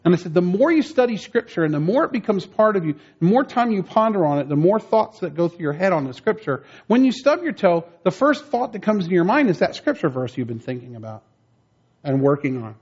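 A man's voice: high-pitched, sing-song, a little fast, darkish tone, husky, dull audio. A man preaching a conversational sermon, telling stories in a folksy way and building up emphasis on his main points. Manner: folksy, storytelling, rising emphasis on key points.

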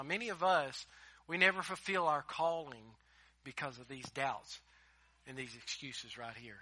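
A man preaching a sermon as a pastor, emphatic, swinging between loud declarations and hushed asides. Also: medium pitch, fairly even intonation, measured pace, dry recording.

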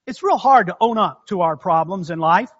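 A man's voice: sits high, normal speed, fairly bright tone, highs cut off. A man preaching a sermon as pastor in a folksy, conversational way, calling out amens to the congregation.

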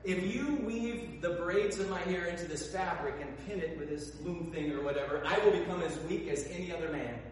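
A man's voice: fairly high pitch, a little fast, hardly any pauses, far from the mic, a little hiss or hum, close to an everyday voice. A man voicing a stubborn biblical strongman who stalls with excuses, heard from afar in an echoey hall. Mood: evasive.

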